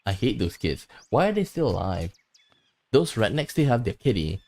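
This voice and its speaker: A man's voice: on the low side, sing-song, normal speed, darkish tone. A man reading aloud the lines of a bitter, possessive mother in a game, grieving her missing son and lashing out. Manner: resentful, lashing out in grief.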